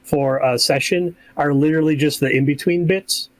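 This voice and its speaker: A man who runs tabletop games, talking casually on a podcast in a relaxed, rambling way and acting out examples. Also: on the high side, moderate pace, poor audio. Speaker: game master.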